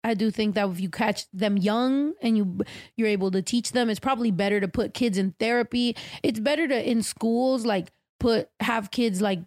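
A woman podcast host telling a story in casual chat, blunt and profane, animated as she talks. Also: a little high, normal speed, dry recording, clean studio sound.

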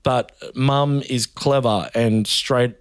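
A man, a comedian, telling animated stories in a casual podcast chat and laughing often. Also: medium pitch, slow, clean tone, dry recording, studio quality.

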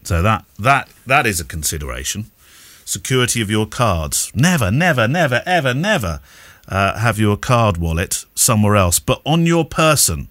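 A man's voice: on the low side, very animated, normal speed, fairly bright tone, no room sound. A man co-hosting a casual photography podcast, giving wedding advice in a chatty way and laughing easily.

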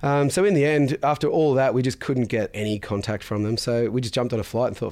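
Man, podcast guest, casual storyteller, loose and chatty, swears, mid-pitched voice. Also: fairly even intonation, brisk, few pauses, darkish tone. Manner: chatty, swears freely, laughs often. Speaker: podcast guest, business founder.

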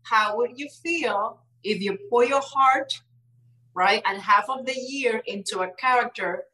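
A woman co-hosting a casual talk show, earnest and emphatic, quick to argue back. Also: on the high side, pushed and bright, low-quality recording. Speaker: co-host. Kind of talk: casual chat.

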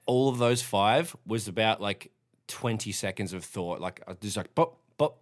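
A man's voice: lowish voice, moderate pace. An Australian man hosting a podcast, talking in loose, rambling, profane banter. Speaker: podcast host.

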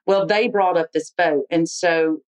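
A woman, telling a frank, animated story about her sports life in an interview. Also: fairly low pitch, measured pace, low-quality recording. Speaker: interviewee, football official.

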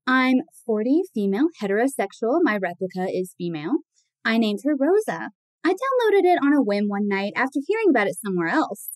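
A woman with a fairly high, very lively voice co-hosts a podcast and laughs easily. The recording is close and dry. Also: moderate pace, no room sound, poor audio. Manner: animated, laughs often. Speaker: podcast co-host. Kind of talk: casual chat.

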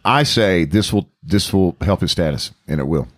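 A man's voice: low voice, lively intonation, normal speed, no room sound, studio quality. A middle-aged man co-hosting a music podcast, telling stories in casual chat and laughing often. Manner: chatty storyteller, laughs often. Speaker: podcast co-host.

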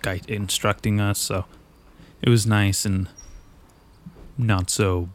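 A man's voice: fairly low pitch, little pitch movement, slow, a little hiss or hum. A man talking in a loose, profane, self-mocking monologue at his desk mic at home, a bit out of breath. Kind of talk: casual rambling monologue. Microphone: desk mic on a boom arm.

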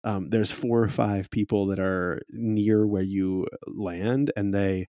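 A man running a tabletop game as game master, describing scenes slowly with many fillers. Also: on the low side, steady tone, warm tone, no room sound, studio quality.

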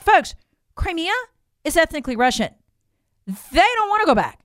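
A woman's voice: sits high, very animated, moderate pace, fairly bright tone, dry recording, studio quality. An American woman giving emphatic, incredulous opinion commentary, leaning on rhetorical questions. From United States. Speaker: political commentator.

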